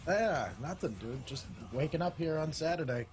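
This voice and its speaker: A man's voice: on the high side, animated, moderate pace, over music. A man chatting casually as co-host, sarcastic and rambling, laughing between lines. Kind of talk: casual chat.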